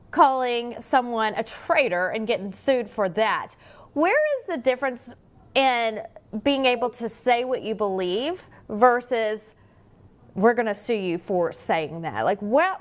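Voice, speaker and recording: Conversational woman host. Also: fairly high pitch. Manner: conversational, questioning. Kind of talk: casual talk-show chat.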